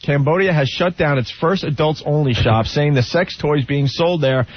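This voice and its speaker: A man's voice: fairly high pitch, normal speed. A man hosting a talk radio show, bantering in a joking, boastful way. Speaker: radio host. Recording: dull lo-fi radio recording.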